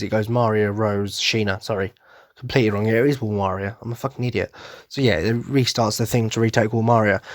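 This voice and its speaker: A man's voice: mid-range voice, no room sound, studio quality. A man hosting a podcast, chatting with rambling enthusiasm and casual swearing. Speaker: podcast host.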